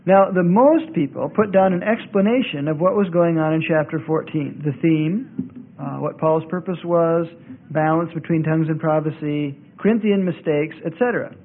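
A man's voice: on the high side, normal speed. A man teaching a Bible class, arguing his points and repeating them for emphasis. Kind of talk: classroom lecture. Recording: tinny lo-fi tape, phone-like.

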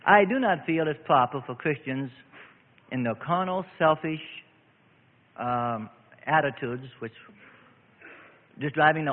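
A man's voice: on the high side, measured pace, long pauses. A man preaching a radio sermon in an earnest, storytelling way, often repeating himself. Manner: earnest, animated storytelling with repetitions. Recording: tinny narrow-band radio broadcast with hall reverb.

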